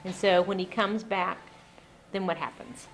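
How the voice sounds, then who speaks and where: Brief: female interviewer, slightly low voice, crisp probing questions. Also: steady tone, unhurried, soft background music.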